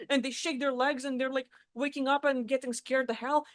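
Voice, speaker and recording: A woman's voice: high voice, fairly even intonation, fast, hardly any pauses, no echo. A woman giving a casual, blunt spoken talk on spiritual practice, swearing freely as she explains. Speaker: spiritual vlogger. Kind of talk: casual teaching monologue.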